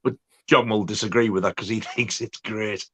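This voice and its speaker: A man's voice: fairly low pitch, fairly even intonation, moderate pace, fairly bright tone, husky. A man, co-hosting a casual film chat, blunt and dry, sometimes mimicking voices. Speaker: co-host.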